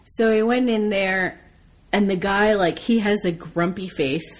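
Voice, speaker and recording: An American woman chatting casually, telling a lively story and swearing freely. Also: mid-range voice, measured pace. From United States. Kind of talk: casual chat.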